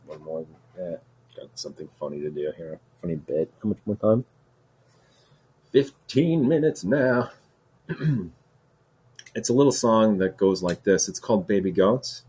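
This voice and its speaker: A man's voice: low-pitched, lively intonation, unhurried, pauses often, darkish tone, slightly rough. A man talking in a casual solo monologue, rambling and restarting, with lots of "like" and "dude.". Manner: rambling, heavy use of "like" and "dude"; restarts and repeats words. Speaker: podcast host.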